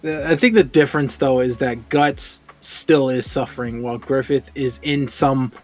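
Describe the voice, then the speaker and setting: A man co-hosting a casual podcast chat, animated and quick to laugh, often repeating words when he gets excited. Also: mid-range voice, faint music behind. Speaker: podcast co-host.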